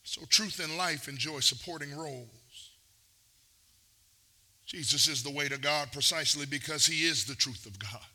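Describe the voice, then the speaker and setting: A man's voice: fairly high pitch, moderate pace, pushed and bright. A man preaching a sermon, mixing playful asides and acted-out quotes with rising, intense delivery. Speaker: pastor.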